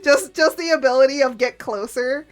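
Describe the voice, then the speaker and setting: A woman streaming live in casual chat, giggling often and muttering to herself as she clicks through software. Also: sits high, moderate pace, faint music behind.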